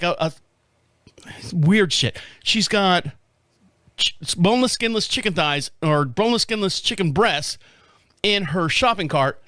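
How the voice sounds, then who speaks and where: A man's voice: high-pitched, bright, forceful tone, no room sound, clean studio sound. A man in his fifties telling a rambling story in a casual monologue, acting out the other people's lines as he goes. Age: 50s. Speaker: podcast host.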